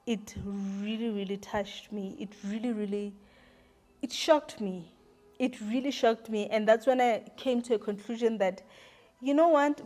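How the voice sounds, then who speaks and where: A young woman, sharing a painful personal story to camera in an earnest, reflective way, pausing and repeating herself. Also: medium pitch, darkish tone. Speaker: vlogger. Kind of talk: emotional storytime chat to camera.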